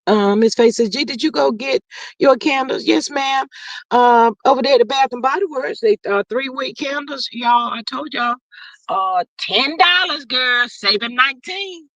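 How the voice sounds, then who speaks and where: Hosting a relaxed livestream, a woman reads out audience comments and chats along in a high, fairly bright voice at a moderate pace, with no echo. She addresses people as "child" and "y'all."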